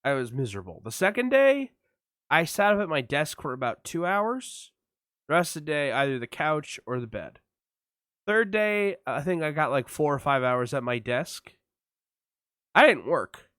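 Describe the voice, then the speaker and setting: A man's voice: a little high, normal speed, no room sound, clean studio sound. A man co-hosting a podcast, telling a story with lots of swearing and acted-out voices. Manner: animated storytelling, acts out voices, swears a lot. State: numb mouth after dental work. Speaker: podcast co-host. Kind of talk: casual chat.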